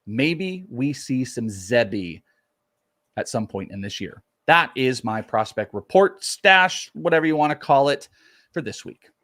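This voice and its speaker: A man's voice: medium pitch, animated, a little slow, a bit bright, dry recording. A man co-hosting a live fantasy baseball stream, hitting the key stats with punchy emphasis. His voice sits in an ordinary middle register, recorded close and dry with almost no room around it. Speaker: co-host, prospect analyst.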